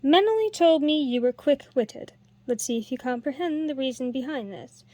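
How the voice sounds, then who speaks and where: A wise older master harper, measured and kindly yet firm, as a woman reads him in a storybook. The voice sits high and the recording is dry and close. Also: expressive, mellow, dry recording.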